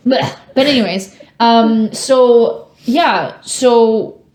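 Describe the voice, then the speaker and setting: A woman's voice: on the high side, very slow, a little mellow, reverberant, a little hiss or hum. A young woman co-hosting a podcast, telling a long story in casual chat and filling it with "like". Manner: rambling storytelling, heavy "like" fillers. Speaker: podcast co-host.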